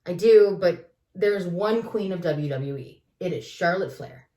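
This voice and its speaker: A woman, co-hosting a casual podcast and ranting with strong opinions and quick laughs. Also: lowish voice, expressive, dark tone. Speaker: podcast co-host. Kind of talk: casual chat. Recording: echoey room, mic at a distance.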